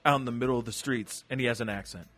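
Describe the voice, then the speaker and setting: A man hosting a podcast in casual chat, animated and breaking into playful impressions of actors. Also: mid-range voice, very fast, faint music behind. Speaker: podcast host.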